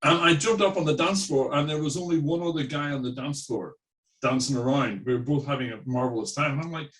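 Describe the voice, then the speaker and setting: A man's voice: on the high side, a little fast, fairly bright tone, far from the mic, low-quality recording. A middle-aged Irish-born man with a mid-Atlantic accent, telling chatty stories as a musician guest in an interview. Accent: mid-Atlantic with Irish traces. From Ireland. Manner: chatty anecdotal storyteller. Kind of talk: casual interview storytelling.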